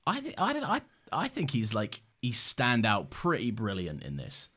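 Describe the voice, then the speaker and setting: A man's voice: mid-range voice, wildly swooping pitch, normal speed, pushed and bright. A man with an enthusiastic, earnest manner, co-hosting a casual chat reviewing a film. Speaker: podcast co-host.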